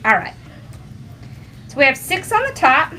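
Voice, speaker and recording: Bright, high-voiced woman crafting. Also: sing-song, a little slow, slight background noise. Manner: chatty, homey, talks to viewers and her dog. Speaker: craft tutorial host. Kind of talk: casual how-to demonstration.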